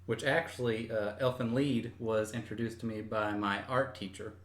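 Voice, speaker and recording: A young man with a slightly low voice chats casually on a podcast, easygoing and deadpan. The recording has a roomy echo. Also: normal speed. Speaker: podcast co-host. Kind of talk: casual chat.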